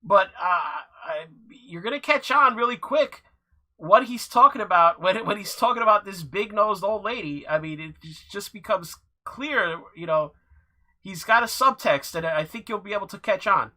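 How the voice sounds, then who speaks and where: A man giving casual commentary over clips, halting and restarting with dry laughs. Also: high voice, lively intonation, pushed and bright.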